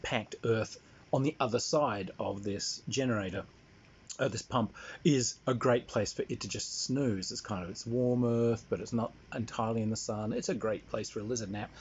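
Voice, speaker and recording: A storyteller with a husky, medium-pitched male voice rambles through a wry family anecdote at a moderate pace, casual and heavy on filler words. The audio is dull and lo-fi.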